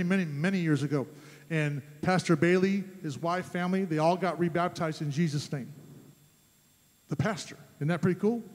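Emphatic high-voiced male preacher. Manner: emphatic, rising to loud fervent peaks. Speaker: pastor. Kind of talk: sermon. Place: church sanctuary. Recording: long church reverb.

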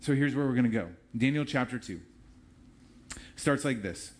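A man's voice: mid-range voice, animated, moderate pace, a little hiss or hum. A man preaching a sermon as pastor, in a conversational, storytelling way with casual asides.

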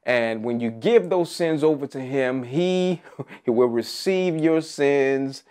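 Male preacher, Easter sermon; emphatic, builds with repeated rising phrases, many "uh" fillers, mid-pitched voice. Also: slow, darkish tone, smooth. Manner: frequent "uh" fillers.

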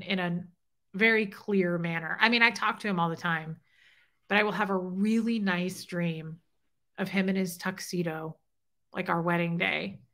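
A woman's voice: medium pitch, bright, forceful tone. A middle-aged woman hosting a casual livestream, talking openly and emotionally while reading viewer comments. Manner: heartfelt, openly emotional, chatty. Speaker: livestream host.

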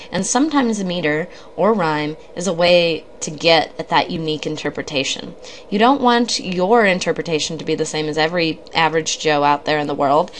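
A woman's voice: fairly low pitch, slight background noise. A woman giving a recorded lecture on reading poetry, explaining in a conversational way with occasional ums and restarts. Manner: conversational, explanatory, frequent ums and self-corrections.

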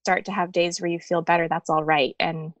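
A woman guest on a podcast speaking earnestly and gently about her own experience. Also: lowish voice, level tone, no room sound. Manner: soft-spoken and earnest, reads a friend's letter aloud slowly. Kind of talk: heartfelt interview talk.

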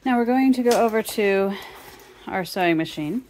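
A woman's voice: medium pitch, expressive, normal speed, a little mellow, slight background noise. A woman teaching a sewing tutorial, casually talking the viewer through each step. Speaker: sewing instructor.

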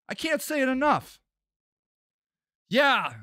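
A man hosting a podcast, delivering an impassioned, profane political rant that swings between shouting and low muttering. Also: lively intonation, measured pace, no room sound, studio quality. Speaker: podcast host.

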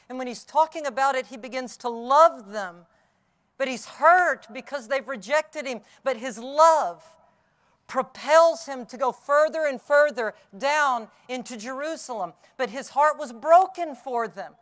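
High-voiced pastor telling a story. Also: male voice, a little slow. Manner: vivid storytelling, acts out crowd cries, swings from loud to hushed. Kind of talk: outdoor Easter sermon, storytelling. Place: outdoors on a hilltop.

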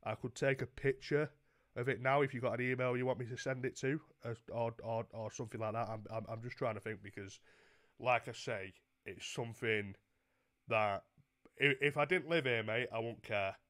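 A man's voice: mid-range voice, steady tone, moderate pace, fairly bright tone. A young man making a prank phone call, stammering through a mock-earnest complaint full of slang.

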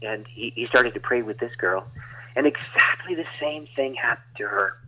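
Husky male guest evangelist, animated testimony storyteller, muffled lo-fi audio. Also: medium pitch, moderate pace. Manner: animated, dramatic retelling with laughs. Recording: dull lo-fi audio.

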